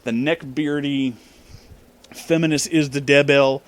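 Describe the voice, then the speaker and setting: A man telling a story in a casual, profane rant, breaking into loud disbelieving outbursts. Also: mid-range voice, fairly even intonation, unhurried. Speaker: storytelling vlogger.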